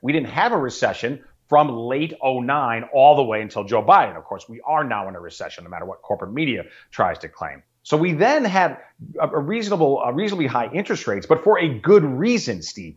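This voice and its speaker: Earnest male economic commentator, dull line. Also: mid-range voice. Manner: earnest, explanatory, addresses host by name.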